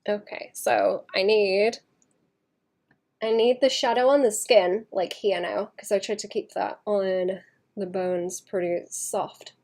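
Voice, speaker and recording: A woman livestreaming her painting, chatting casually and thinking aloud in soft mutters that trail into whispers, second-guessing her work. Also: medium pitch, fairly even intonation, slow. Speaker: artist streaming her painting.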